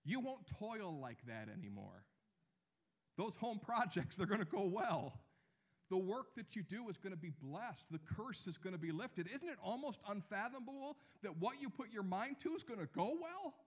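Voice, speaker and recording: A man in his thirties preaching a sermon, animated, with slow emphatic phrases and drops to near a hush. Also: high-pitched. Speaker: pastor.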